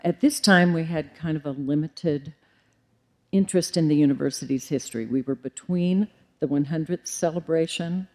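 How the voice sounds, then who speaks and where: A middle-aged librarian delivers a formal public lecture, measured, with occasional ums and self-corrections. Her voice sits low and is a little mellow.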